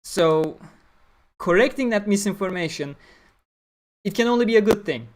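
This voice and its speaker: A man's voice: sits high, animated, normal speed, a little hiss or hum. Blunt man streaming. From Turkey. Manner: opinionated, blunt, talks through ideas with fillers. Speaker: streamer answering chat. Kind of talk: casual livestream talk.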